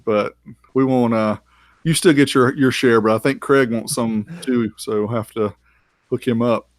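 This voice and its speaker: A man's voice: medium pitch, fairly even intonation, moderate pace, dry recording. A man co-hosting a live-streamed interview, upbeat and welcoming as he keeps the show moving. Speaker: podcast co-host.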